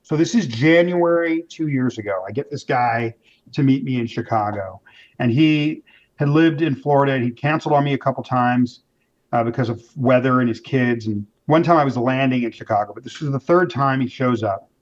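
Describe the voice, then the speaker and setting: Male interview guest, animated storyteller, mid pitch, muffled lo-fi audio. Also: moderate pace. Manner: animated storyteller, acts out quoted voices, many restarts. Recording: dull lo-fi sound.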